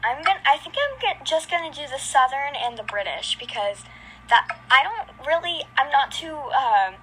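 High, bright-voiced young podcast host. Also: female voice, big pitch swings, normal speed, a little hiss or hum, low-quality recording. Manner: giggly, playful. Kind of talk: casual chat.

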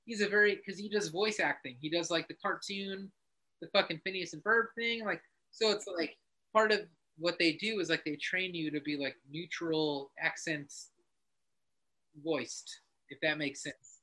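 A man's voice: on the high side, steady tone, normal speed, bright, forceful tone. An American man, a guest telling a story in a casual interview, swearing often and laughing between lines. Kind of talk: casual video-call interview.

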